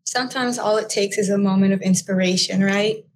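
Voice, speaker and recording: A woman's voice: mid-range voice, fairly even intonation, brisk, a little hiss or hum, low-quality recording. A woman hosting a book group interview, asking questions in a friendly, conversational way.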